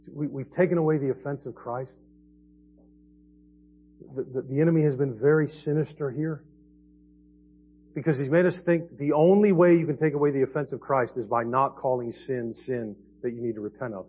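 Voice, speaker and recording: Husky-voiced preacher, dull church recording. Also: male voice, medium pitch, fairly even intonation, normal speed. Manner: earnest preaching, swinging from quiet to emphatic. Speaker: pastor. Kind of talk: sermon. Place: church sanctuary.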